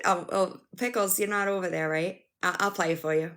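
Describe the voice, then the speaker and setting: A woman chatting casually to viewers on a live stream from her phone, animated and swearing, often laughing. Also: mid-range voice, unhurried.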